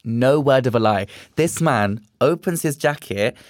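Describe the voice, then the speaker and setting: A man's voice: medium pitch, a little slow, no room sound, studio quality. A young man, a guest on a podcast, telling stories in a casual chat and acting out the dialogue. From England. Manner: animated, acts out quoted dialogue. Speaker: podcast guest, drag performer.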